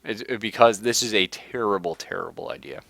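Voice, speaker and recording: A young man live-streaming a strategy game, hoarse from being sick, ranting in casual chat and laughing often. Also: on the low side, fairly quick, pushed and bright, no room sound. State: hoarse from illness. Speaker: livestreamer.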